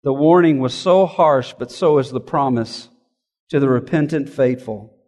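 A man's voice: mid-range voice, a little slow, a little mellow, long reverb tail. A man, a pastor, preaching a sermon in an earnest, emphatic way, often asking rhetorical questions.

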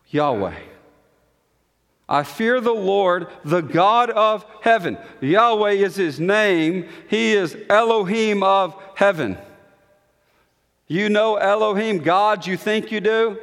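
A man with a high voice preaches an expository sermon, reading scripture with strong emphasis. His words carry a long reverb from a large church hall. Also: lively intonation, takes it slowly, pauses often, a bit bright. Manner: emphatic, voice rising when reading quoted questions.

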